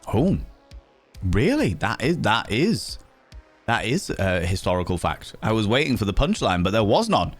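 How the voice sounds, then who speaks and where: Yorkshire male streamer, low register, cheeky banter with chat, soft music bed. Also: sing-song, moderate pace. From England. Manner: playful, teasing, greets viewers as cheeky devils. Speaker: livestream host. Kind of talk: casual chat reading viewer messages.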